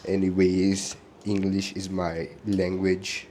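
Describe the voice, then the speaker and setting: A man's voice: low-pitched, a little hiss or hum. A young man, a Bengali speaker, chatting playfully while he cooks, joking with himself between steps. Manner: playful and self-amused, joking asides. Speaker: home cook vlogger. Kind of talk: casual cooking narration.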